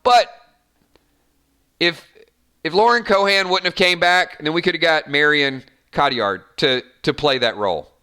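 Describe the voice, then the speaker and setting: A man's voice: fairly high pitch, normal speed, clear, resonant tone. A man from Georgia with a light Southern accent, hosting a casual, rambling fan chat and often repeating himself. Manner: rambling, repeats words, animated. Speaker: channel host.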